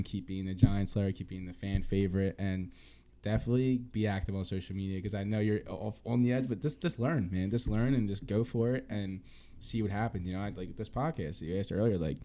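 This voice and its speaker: Fast-talking young Philly man, deep voice. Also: dark tone. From Philadelphia. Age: 20s. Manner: loose and rambling, heavy fillers, casual swearing. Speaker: podcast host. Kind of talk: casual chat.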